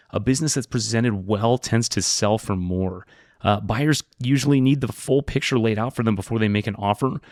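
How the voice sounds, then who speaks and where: Man, business broker, explainer video, low voice, upbeat, direct, dry sound. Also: no echo. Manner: direct, upbeat teaching tone with lists and emphasis.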